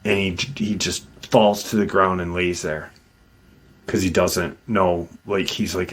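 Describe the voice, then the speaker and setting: Male storyteller, low voice, slow unhurried delivery, casual and halting. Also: fairly even intonation, a bit bright. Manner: halting, with many restarts and fillers. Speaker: host retelling an encounter.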